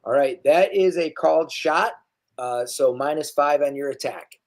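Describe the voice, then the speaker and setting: A woman narrating as game master, her voice sitting a little low for a woman. She talks in a quick, casual way, often stopping herself with "uh" and correcting course mid-sentence. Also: a little mellow.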